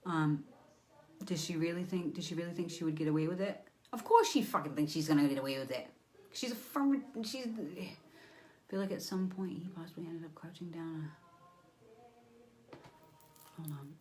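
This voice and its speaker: A woman psychic medium giving a live reading for viewers. She is animated, blunt and profane, acting scenes out with sound effects and talking to an unseen listener. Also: sits low, normal speed, long pauses.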